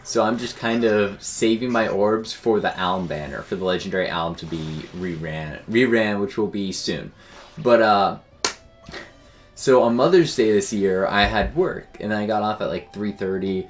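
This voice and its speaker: Rambling young man with a lowish voice. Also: moderate pace, soft background music. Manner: rambling, filler-heavy, self-deprecating. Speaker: game streamer. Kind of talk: casual storytelling while streaming.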